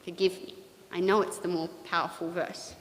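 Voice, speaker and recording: A woman with a fairly low voice gives a measured, reflective lecture on poetry. She speaks with care and now and then restarts a word. Her voice carries a long reverb from the large church space around her. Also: little pitch movement. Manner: measured, thoughtful, with occasional restarts. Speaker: speaker giving a talk on poetry.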